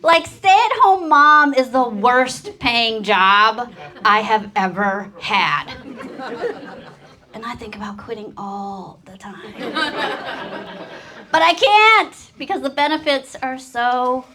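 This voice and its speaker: Woman doing slow stand-up comedy. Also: a little high. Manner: animated storytelling with acted-out quotes. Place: comedy stage before a live audience. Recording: laughing crowd in the room. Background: audience laughter.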